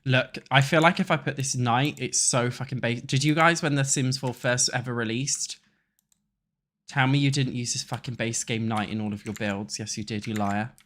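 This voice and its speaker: A man's voice: medium pitch, fairly even intonation, normal speed, a bit bright. Chatty, rambling young British man. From England. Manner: rambling, chatty, swears freely. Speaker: gaming YouTuber. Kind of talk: casual chat while playing a building game.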